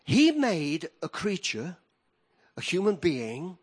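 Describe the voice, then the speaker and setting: A middle-aged preacher with a husky, slightly raspy voice that sits a little high for a man. His delivery is lively and emphatic, his pitch swinging widely as he drives each point home in a sermon. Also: takes it slowly. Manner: animated, emphatic preaching with rising bursts.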